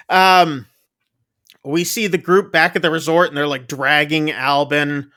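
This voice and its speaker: A man on a podcast walks through a movie's plot in a relaxed, rambling way. His voice sits a bit high and rings bright and forward. He keeps it casual, full of quick asides. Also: no room sound, studio quality. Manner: chatty, loose retelling with quick asides. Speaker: podcast co-host. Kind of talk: casual movie recap chat.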